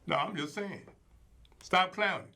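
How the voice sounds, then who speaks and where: A man's voice: high voice, a little slow, gravelly, sharp tone. A man giving opinionated casual commentary as show host, emphatic and colloquial, repeating words for stress.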